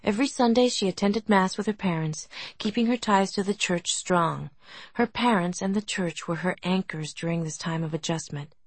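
A woman reading a novel aloud as audiobook narration, in a soft, gentle manner. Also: medium pitch, normal speed, slightly rough, no room sound. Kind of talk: scripted narration.

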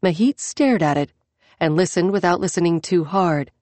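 A woman with a somewhat low voice reads a novel in a measured, even way. The studio sound is dry and close, with no room around her. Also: dry recording. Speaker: audiobook narrator. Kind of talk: scripted narration.

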